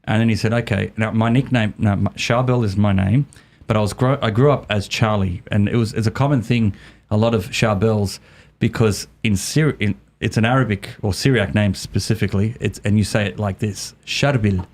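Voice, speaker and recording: Lower-voiced Australian man telling a story. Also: a little fast, hardly any pauses. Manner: lively, repeats and restarts words. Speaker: podcast guest. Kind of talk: casual storytelling.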